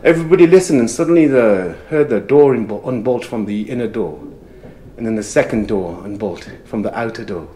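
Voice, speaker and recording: A man storyteller telling a folk tale to a camera, building rhythm through repeated phrases and dropping to soft murmurs. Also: lowish voice, brisk, a little hiss or hum.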